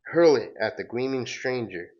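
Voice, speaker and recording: A man's voice: medium pitch, expressive, moderate pace, a little mellow, muffled recording, close to an everyday voice. A man reading the lines of a scheming male trickster god in archaic, mock-grand phrasing.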